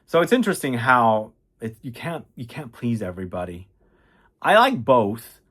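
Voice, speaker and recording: A man's voice: medium pitch, very animated, moderate pace, a bit bright. A man casually reviewing fragrances, chatty and enthusiastic, rambling with fillers and restarts.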